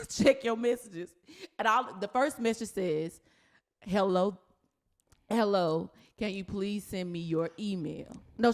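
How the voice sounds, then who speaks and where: A woman podcast host who tells a story with lively, animated delivery and breaks into laughter often. Her pitch sits in a middle register for a woman. She speaks in a casual, conversational way. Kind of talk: casual chat.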